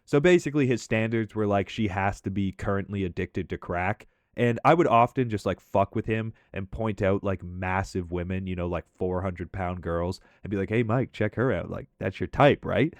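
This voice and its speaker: A man's voice: sits low, moderate pace, dry recording. A man casually telling a story over gameplay commentary, chatty and loose, often laughing and tagging lines with "right?".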